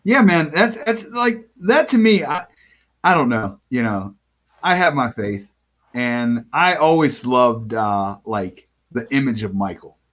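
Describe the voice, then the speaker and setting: A man talking on a podcast in a halting way, leaning on fillers and false starts. His pitch moves around a lot. The recording sounds dull and lo-fi. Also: lively intonation, fairly bright tone. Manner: hesitant, filler-heavy. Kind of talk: casual podcast chat.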